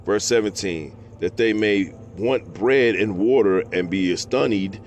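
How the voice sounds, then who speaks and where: Casting: male street preacher, lowish voice, reads scripture deliberately then riffs in slang, faint background noise. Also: dull audio. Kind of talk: scripture teaching with street talk.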